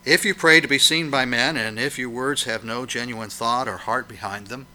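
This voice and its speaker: Bright-voiced preacher giving an emphatic sermon. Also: male voice, mid-range voice, normal speed. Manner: emphatic, questioning, swells and drops for emphasis.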